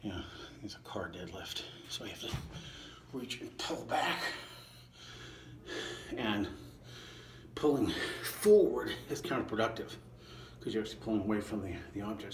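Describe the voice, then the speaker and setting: An older man, a vlogger, recites sonnets aloud while lifting, at a moderate pace with long pauses and background noise. Between lifts he chats offhandedly in a low, casual voice.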